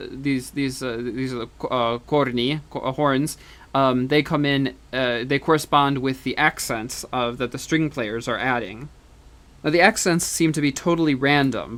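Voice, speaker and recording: A man's voice: medium pitch, a bit bright. A man giving a university music lecture, explaining step by step, counting beats and humming rhythms, with frequent fillers and restarts.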